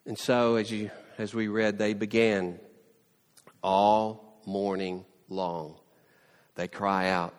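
A man preaching a sermon, telling the story with lively, playful asides and mock sarcasm. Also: on the low side, slow pace, big-room sound.

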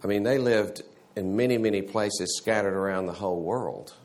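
A man teaching a church Sunday school class in a halting way, restarting words and often clearing his throat. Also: on the low side, darkish tone.

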